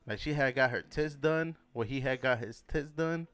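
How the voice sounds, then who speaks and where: A man's voice: medium pitch, moderate pace, clear, resonant tone. A young man co-hosting a podcast, telling a crude story in casual chat, acting out voices and laughing often. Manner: animated, profane, laughs often, acts out voices. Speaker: podcast co-host.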